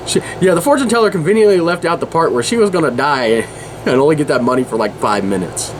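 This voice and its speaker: A man's voice: a little high, brisk, poor audio. Rambling male podcast host. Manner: rambling, self-deprecating, many fillers and restarts. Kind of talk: casual monologue. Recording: steady background noise.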